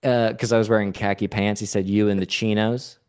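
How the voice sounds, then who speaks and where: Low-voiced california guy on a podcast, animated storyteller doing little voices. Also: fairly quick, clean tone. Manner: animated, acts out voices of people in his story. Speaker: podcast co-host. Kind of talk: casual storytelling chat. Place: remote call.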